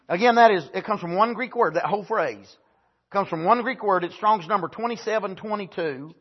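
A male preacher giving a sermon in church, stressing his points with frequent "amen"s, moving between loud, near-shouted emphasis and quiet explanation. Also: sits high, husky. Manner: emphatic, punctuates phrases with "amen". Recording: dull lo-fi sermon recording.

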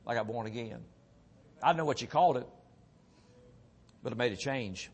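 A middle-aged man preaching, telling his own testimony earnestly and often dropping to a hushed voice. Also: medium pitch, lively intonation, normal speed, pauses often, slightly rough. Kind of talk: sermon testimony.

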